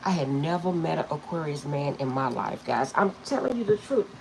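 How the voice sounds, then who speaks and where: A woman's voice: low voice, lively intonation, brisk, creaky, a little mellow, slight background noise, poor audio. A middle-aged woman reading tarot, telling rambling stories to her viewers and laughing often. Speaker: tarot reader. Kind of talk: casual storytelling to viewers.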